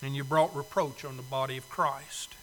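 A male preacher giving a sermon invitation in a church, pleading and swinging from loud urging to soft, hushed appeals. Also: medium pitch, little pitch movement, normal speed, long reverb tail, a little hiss or hum, rough recording. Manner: pleading, swells loud then drops soft. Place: church sanctuary.

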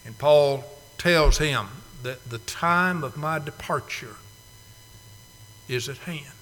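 A man preaching a folksy sermon to a congregation, swinging from loud declarations to hushed asides. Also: fairly high pitch, takes it slowly, a little hiss or hum. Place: church sanctuary. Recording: long reverb of a church hall.

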